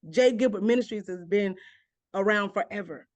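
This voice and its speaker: A woman from Georgia, a guest and minister telling her personal story in an interview with passionate, repetitive phrasing that climbs in pitch as she gets stirred. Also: normal speed, a little mellow, no echo. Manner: impassioned, repeats phrases, voice climbs when stirred. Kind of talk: emotional personal testimony.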